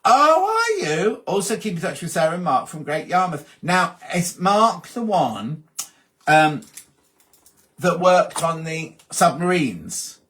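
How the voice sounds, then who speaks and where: A man's voice: fairly high pitch, animated, a little slow. A man hosting a casual live-stream chat, reading out viewer comments and answering them one by one. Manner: chatty, reads out comments and answers them warmly. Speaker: host.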